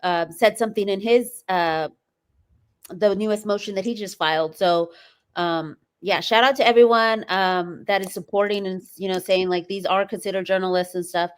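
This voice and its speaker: A woman in a relaxed commentary chat, chatty and loose, filling her pauses with ums. Her voice sits at an ordinary middle pitch for a woman. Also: smooth. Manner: chatty, many ums, reads documents aloud.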